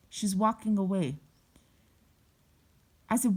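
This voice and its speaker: A woman's voice: medium pitch, moderate pace, pauses often, a little mellow. Intense woman telling a personal story. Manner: intense, emotional, swearing. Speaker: vlogger.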